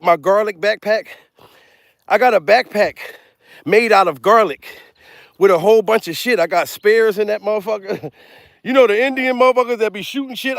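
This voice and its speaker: A man's voice: sits high, creaky, no echo, clean studio sound. A man doing a comedic livestream, out of breath and laughing as he rambles, swearing constantly. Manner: profane, laughing, excitable rambling.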